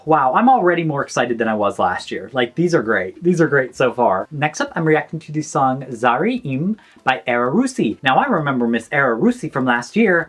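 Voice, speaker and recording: Gushing woman reacting to songs. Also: low voice. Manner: effusive, bursts into shouts and gasps; sings and hums along. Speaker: reaction video host. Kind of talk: excited song reaction commentary. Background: faint music.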